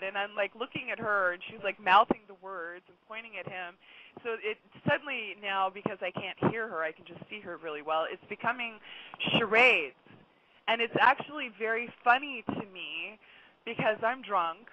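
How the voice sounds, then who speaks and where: A middle-aged woman, a regular guest on a radio talk show, telling a long story in a chatty, lively way and laughing often. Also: medium pitch, moderate pace. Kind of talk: casual radio chat. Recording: dull lo-fi sound, faint noise.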